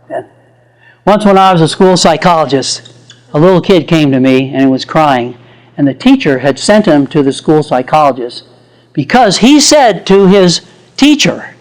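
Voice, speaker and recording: An older man gives a psychology lecture as a string of stories, in a voice that sits quite high. His pitch swings widely, and he laughs often and acts out the people he quotes. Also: big pitch swings, moderate pace, low-quality recording. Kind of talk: storytelling lecture.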